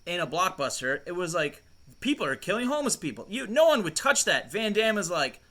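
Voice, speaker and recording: A man's voice: high-pitched, very animated, a little fast, pushed and bright. A man co-hosting a podcast, chatting casually and rambling with lots of swearing and laughter. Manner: rambling, profane, laughs often. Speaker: podcast co-host. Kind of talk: casual chat.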